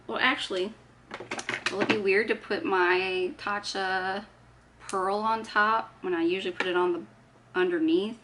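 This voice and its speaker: A woman's voice: on the low side, a bit bright, slight background noise. A woman chatting casually while she does her makeup, talking through each step and poking fun at herself. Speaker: beauty vlogger. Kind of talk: casual get-ready-with-me chat.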